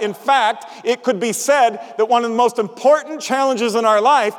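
High-voiced guy preaching, chatty and joking, asks the crowd stuff, long hall echo. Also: normal speed. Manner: conversational, humorous, asks the congregation questions. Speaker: pastor. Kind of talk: sermon. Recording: long reverb of a large hall.

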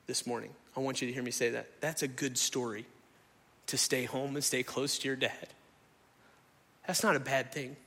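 Animated preacher in a reverberant hall. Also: male voice, a little high. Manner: animated, conversational, acts out the people he describes. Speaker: pastor. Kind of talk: sermon. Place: church sanctuary.

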